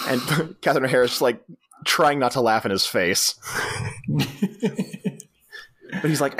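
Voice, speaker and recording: A man's voice: medium pitch, moderate pace, long pauses. A man co-hosting a podcast, telling the plot of a film in a casual comedic style and acting out its lines in voices. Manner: animated storytelling, acting out movie lines in voices. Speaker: podcast co-host.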